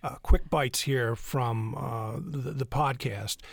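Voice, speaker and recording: A man hosting a radio talk show and interviewing guests, halting with frequent fillers. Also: medium pitch, gravelly, dry recording.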